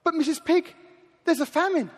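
A man's voice: very high voice, normal speed, slight background noise, pitched above the performer's own voice. A man playing a starving young man begging. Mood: desperate. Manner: pleading. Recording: echoey large hall.

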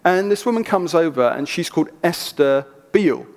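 A man preaching a sermon, telling stories in an animated, chatty way with asides. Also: fairly high pitch, moderate pace. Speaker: pastor. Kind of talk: sermon with storytelling. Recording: reverberant church hall.

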